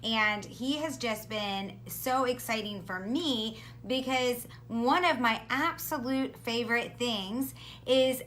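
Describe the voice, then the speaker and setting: A woman hosting a live video stream, upbeat and gushing, often saying how excited she is, talking over a video call from home. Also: a little high. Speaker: host. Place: home in South Florida.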